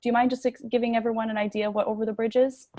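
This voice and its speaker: Brisk friendly woman moderator. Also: fairly high pitch, flat delivery, mellow, slight background noise. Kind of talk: webinar moderation. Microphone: video call.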